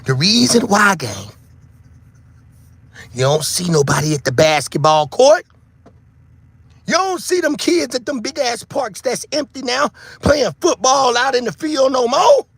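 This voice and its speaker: Loud, preachy raspy-voiced man in his fifties. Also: extremely high pitch, unhurried, no echo. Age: 50s. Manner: preachy, animated, swears freely, shouts for emphasis. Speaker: online show host. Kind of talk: casual monologue to viewers.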